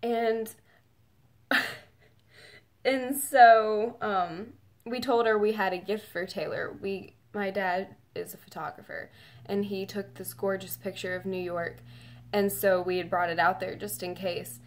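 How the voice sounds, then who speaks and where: A woman's voice: medium pitch, steady tone, slow. A woman telling a personal story in a casual, rambling way with many fillers, close to tears and emotional. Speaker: fan telling her story.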